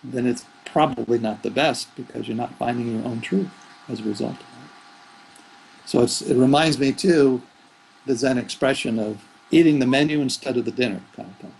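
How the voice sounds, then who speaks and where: A man's voice: medium pitch, moderate pace, creaky, darkish tone, a little hiss or hum, low-quality recording. A man who is a spiritual teacher, giving rambling, thoughtful answers in an interview. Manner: rambling, thoughtful, with fillers and restarts.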